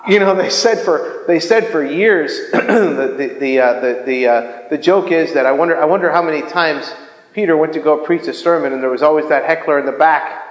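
Male preacher, high voice, loose and chatty delivery with stammered restarts; roomy hall with long reverb. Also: normal speed. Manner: casual, animated, with many stammered restarts. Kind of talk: informal sermon.

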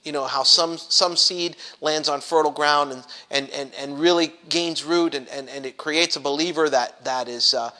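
Bright, high-voiced man teaching a Bible study. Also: normal speed, few pauses. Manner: animated, many restarts, acts out grumbling voices.

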